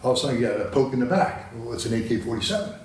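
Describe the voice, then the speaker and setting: A man's voice: medium pitch, expressive, very fast, recorded from a distance. A man from the United States, a guest in a studio interview, telling stories casually with many restarts. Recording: very echoey, from the mic.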